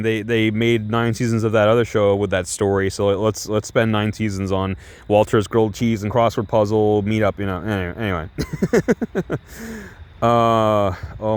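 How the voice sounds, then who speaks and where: A man's voice: lowish voice, smooth. A young man casually reviewing TV shows, chatty and rambling with many restarts. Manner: chatty, heavy use of "like" and restarts, laughing asides.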